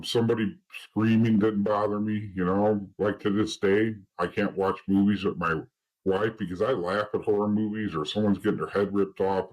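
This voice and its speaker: A man in his thirties with a husky, slightly low voice, telling his story as an interview guest. He rambles loosely, restarts sentences and chuckles at the darker details. The delivery is casual and unpolished. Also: rough recording. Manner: rambling, laughs at grim details, restarts often. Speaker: interview guest, former mob associate turned informant.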